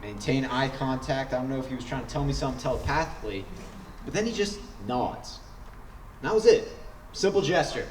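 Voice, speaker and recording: A man's voice: mid-range voice, expressive, brisk, noisy background. A man telling a wry, humorous personal story on stage at a story slam, building suspense as he goes. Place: stage in a large hall. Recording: echoey hall, picked up from a distance.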